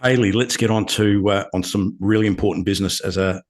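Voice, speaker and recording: Deep-voiced male podcast host, halting. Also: fairly even intonation, slight background noise. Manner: halting, many fillers. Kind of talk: casual interview chat.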